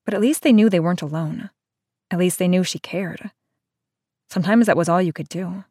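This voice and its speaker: A woman narrating a novel aloud in a steady, even storytelling manner. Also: fairly low pitch, fairly quick, no room sound, clean studio sound. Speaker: audiobook narrator. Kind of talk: scripted narration.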